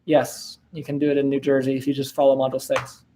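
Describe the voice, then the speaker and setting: A man's voice: mid-range voice, completely flat delivery, fast talker, mellow, a little hiss or hum. Laid-back young man hosting a live Q&A. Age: 20s. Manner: laid-back, slangy, lots of fillers and laughs. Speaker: host answering viewer questions. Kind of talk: casual live-stream Q&A.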